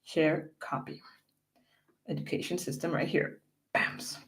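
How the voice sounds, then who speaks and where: A woman's voice: sits low, steady tone, measured pace, creaky. A woman co-hosting a casual livestream, chatting and reading viewer comments aloud from a home setup. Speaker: livestream co-host.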